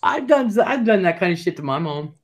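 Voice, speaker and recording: A woman hosting a casual live chat, telling brash, loud stories with lots of laughing. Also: fairly low pitch, big pitch swings, fairly quick. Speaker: livestream host.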